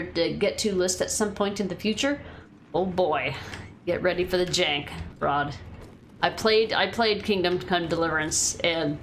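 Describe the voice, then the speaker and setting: Chatting casually while streaming gameplay, a lowish-voiced woman swears freely and responds to her viewers' chat. A slight hiss or hum can be heard in the recording.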